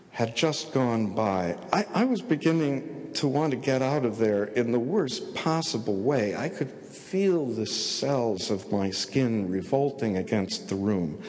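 A man's voice: on the low side, darkish tone, long reverb tail. A male author reading his fiction aloud in a dry, wry first-person storyteller's manner.

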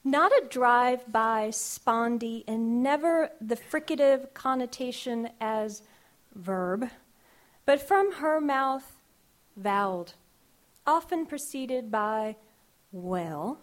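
A woman poet, reading her poems aloud live in a wry, unhurried way. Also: on the high side, animated. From Kentucky. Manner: wry, unhurried, drawn-out vowels in the verse.

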